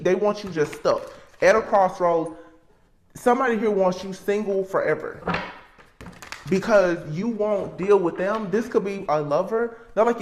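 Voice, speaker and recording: A woman's voice: medium pitch, a little hiss or hum. Emphatic woman reading tarot, roomy echo. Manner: emphatic, repetitive, thinking aloud. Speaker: tarot reader. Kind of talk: casual spoken tarot reading.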